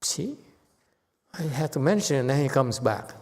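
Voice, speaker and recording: A man giving an unhurried dharma lecture as a Buddhist teacher, often pausing to check in with his listeners. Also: medium pitch, lively intonation, darkish tone. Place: temple hall. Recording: long hall reverb.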